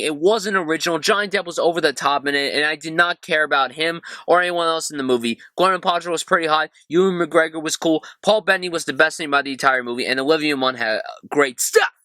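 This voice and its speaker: A man's voice: fairly high pitch, pushed and bright, dry recording. A man hosting a casual movie-review vlog, talking sarcastically and animatedly, with swearing, while squeezed into a cramped storage closet. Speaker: film reviewer, channel host.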